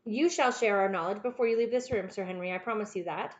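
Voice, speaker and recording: A woman voicing a keen, confident male detective who explains things in a crisp, measured way. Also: mid-range voice, dull audio, close to an everyday voice. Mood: assured.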